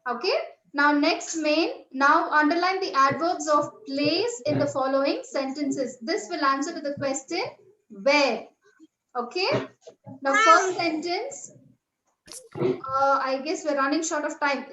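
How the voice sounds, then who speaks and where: A woman's voice: sits high, unhurried, highs cut off. A woman teaching young pupils in a classroom, repeating instructions and spelling words out letter by letter. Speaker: primary school teacher. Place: classroom with a board. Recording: echoey room with loud background noise and clicks.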